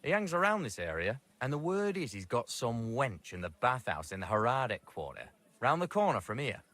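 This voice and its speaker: A rough Northern English tavern drinker from a video game, gruff and blunt, who laughs in the middle of his slang. His pitch swoops up and down a lot. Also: sing-song, fairly quick, a bit bright. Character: rough working-class male tavern drinker.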